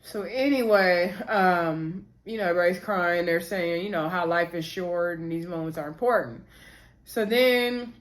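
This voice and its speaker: A woman's voice: lowish voice, moderate pace. A woman casually recapping a reality TV episode, chatting to viewers as "y'all" and retelling scenes through quoted lines. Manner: retells scenes by quoting cast members.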